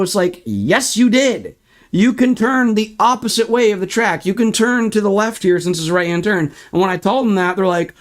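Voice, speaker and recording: A man's voice: high voice, lively intonation, fairly quick. A young man streaming sim racing, ranting in frustration and swearing while walking through replay footage. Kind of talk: ranting livestream commentary.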